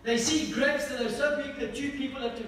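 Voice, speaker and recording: A man preaching a sermon, often asking the congregation questions and swinging between emphatic lines and hushed ones. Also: extremely high pitch, fairly even intonation, a little fast. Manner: asks the congregation repeated questions. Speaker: pastor. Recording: echoey hall from far off, faint noise.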